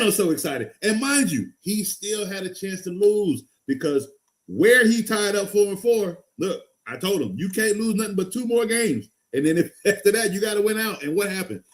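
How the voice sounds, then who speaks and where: A man hosting a live fantasy football stream, excitable and rambling, going from loud hype to low mutters. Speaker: fantasy football show host. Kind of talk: casual live-stream talk.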